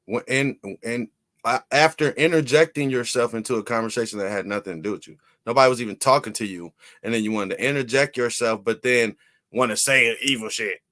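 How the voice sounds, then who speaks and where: A man's voice: mid-range voice, brisk, sharp tone, no room sound, clean studio sound. A man commentating over audio, heckling and objecting sarcastically as if in court.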